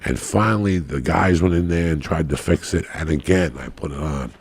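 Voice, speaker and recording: A man telling a profane, animated story as a podcast guest, acting out the people in it. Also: a bass voice, moderate pace, creaky, slightly rough. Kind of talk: casual storytelling.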